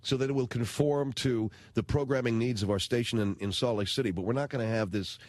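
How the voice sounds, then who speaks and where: A man's voice: medium pitch, fairly quick, no echo. A man hosting a radio talk show, ranting in a blunt, slangy, indignant way into a studio microphone.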